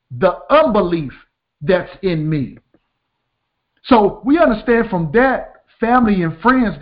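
A man's voice: high voice, lo-fi sound. A man preaching a radio sermon, emphatic and repetitive, often asking his listeners whether they got the point. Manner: emphatic, repeats "did you get that?".

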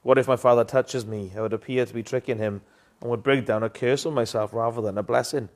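An anxious younger son who fears he will bring a curse on himself, read aloud by a man. The delivery is plain and steady, as in a live scripture reading. His pitch sits in the middle. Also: fast talker, close to an everyday voice. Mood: worried.

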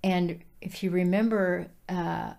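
Earnest woman with a low, mellow voice. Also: fairly even intonation, slow pace, creaky. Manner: earnest, conversational, addresses listeners directly. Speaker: Bible teacher. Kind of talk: casual devotional teaching.

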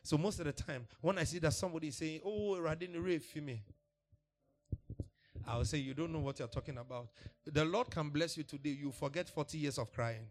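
A man's voice: fairly high pitch, brisk. A man preaching a sermon, emphatic and repetitive, with laughs between points.

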